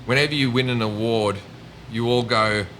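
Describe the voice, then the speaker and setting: A man's voice: medium pitch, fairly even intonation, normal speed, a bit bright, slight background noise. A man with an Australian accent, a comedian chatting casually and telling stories, swearing and mimicking people. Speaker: comedian guest. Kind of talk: casual chat.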